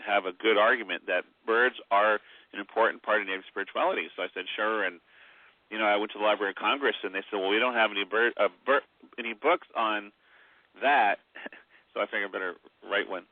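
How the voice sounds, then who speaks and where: A man with a low voice tells rambling stories full of fillers as a guest on a radio interview. His voice comes over a tinny phone line, dry and close. He speaks in an easy, unhurried way. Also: dry recording. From Mi'kmaq heritage. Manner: rambling storyteller, many fillers. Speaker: author guest.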